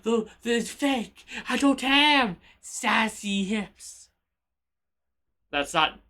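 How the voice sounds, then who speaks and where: High-voiced bright playful male streamer. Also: animated, drawn-out words. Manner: playful, mock-indignant protests to chat; stammering repetitions. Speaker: VTuber streamer. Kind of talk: live gaming stream chat.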